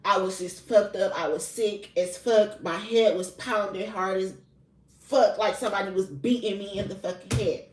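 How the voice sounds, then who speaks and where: A woman's voice: mid-range voice, steady tone, moderate pace. A young adult woman, a spiritual reader, telling a personal story in a candid, heavily profane, casual confessional way. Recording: roomy echo, mic at a distance.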